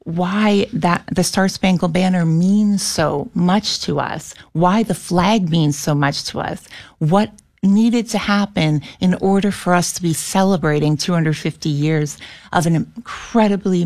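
An earnest middle-aged American woman, a guest in a conversational interview, talking with quick restarts. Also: on the low side, darkish tone. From United States.

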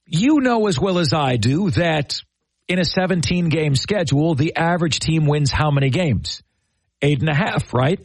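A man's voice: on the high side, animated, normal speed, breathy edge, dry recording. Emphatic male sports radio host. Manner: emphatic, rhetorical questions. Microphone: studio microphone.

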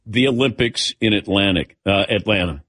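An older man hosts a relaxed talk show and drifts into long sports memories, turning to his co-hosts by name. His voice sits a little low. It sounds close and dry, with no room around it. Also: moderate pace, no echo. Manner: storytelling, calls on co-hosts by name. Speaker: host. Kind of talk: casual chat.

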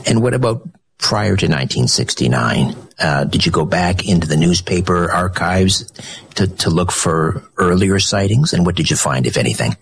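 A man's voice: low-pitched, lively intonation, moderate pace, gravelly, husky. A man interviewing a guest, asking curious, probing questions.

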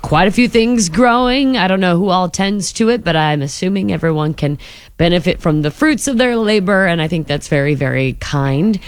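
Female radio co-host, low voice, dry studio sound, chatty with fillers. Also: expressive, moderate pace, clear, resonant tone, no echo. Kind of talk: casual on-air chat. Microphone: studio microphone.

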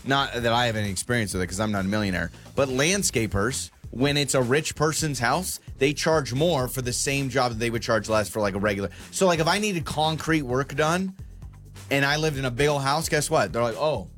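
Male radio co-host, playful and animated, casual banter, faint music behind. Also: mid-range voice, a little fast. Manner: playful, gets animated and heated.

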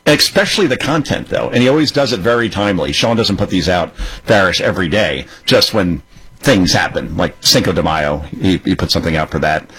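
Radio host: a low, husky-voiced man who rambles casually. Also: animated, a little fast, fairly bright tone, low-quality recording. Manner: chatty, loose and digressive.

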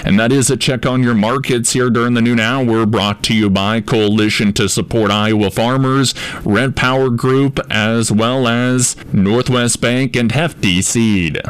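A man giving a radio farm market report, reading commodity prices in a rapid, steady run of numbers. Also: medium pitch.

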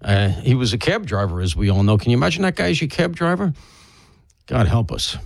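A man with a mid-range, lively voice, brisk and touched with vocal fry, fills in as a talk radio host. He rambles through a conversational monologue with wry, self-deprecating humor, congested from allergies, on a studio broadcast microphone with a dry recording.

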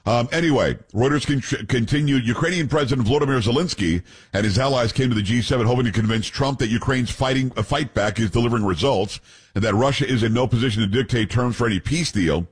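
Husky-voiced talk radio host. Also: male voice, mid-range voice, fast talker. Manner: reads news aloud and adds blunt asides. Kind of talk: opinionated talk radio commentary.

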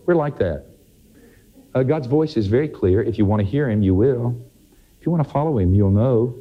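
A man's voice: medium pitch, expressive, moderate pace, husky. A man preaching a sermon, emphatic, his voice climbing sharply on key points. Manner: emphatic, rising to exclamations. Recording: dull lo-fi sermon recording.

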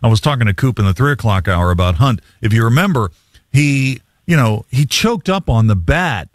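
A man's voice: medium pitch, expressive, moderate pace, no room sound, clean studio sound. A man hosting a sports radio call-in show, chatty, reading trivia with easy asides.

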